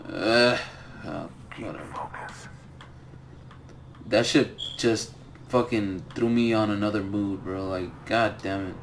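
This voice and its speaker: A man's voice: lowish voice, little pitch movement, measured pace, a little hiss or hum. A young man streaming a game, ranting and swearing about the loot he gets. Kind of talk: live gaming commentary.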